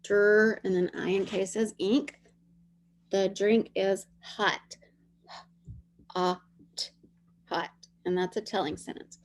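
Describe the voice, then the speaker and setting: A woman's voice: medium pitch, fairly even intonation, takes it slowly, long pauses. A woman teacher leading young children through a dictation lesson, sounding out words and spelling them letter by letter.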